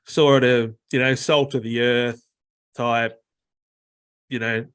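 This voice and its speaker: An Australian man talking in a loose, rambling way, with plenty of ums and asides. His voice sits at an ordinary middle pitch. He explains things patiently in a relaxed conversation. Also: takes it slowly, smooth. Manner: rambling, many fillers, mimics other accents. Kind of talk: casual chat.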